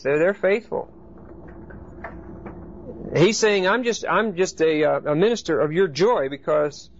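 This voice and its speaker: Man, Bible study teacher, fairly high voice, explanatory, checks in often, dull lo-fi recording, faint hiss. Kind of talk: Bible study lecture to a group.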